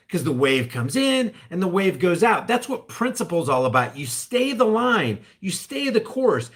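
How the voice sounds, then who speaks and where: A man's voice: sits high, fairly bright tone. A man delivering an emphatic commentary rant on his vlog, now and then acting out other people's voices. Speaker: vlogger.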